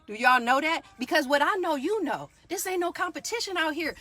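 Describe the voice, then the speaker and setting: Woman, 40s, yoga teacher, bright preachy motivational energy. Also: high-pitched, lively intonation, a little fast, few pauses, a little hiss or hum. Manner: fired-up, preachy, keeps asking "do y'all hear me". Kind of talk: motivational live talk.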